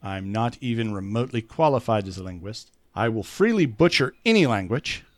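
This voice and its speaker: A man's voice: fairly low pitch, animated, a little fast, no room sound. A man co-hosting a casual podcast chat, rambling and often restarting his sentences with fillers. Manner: rambling, self-correcting, many fillers. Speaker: podcast co-host.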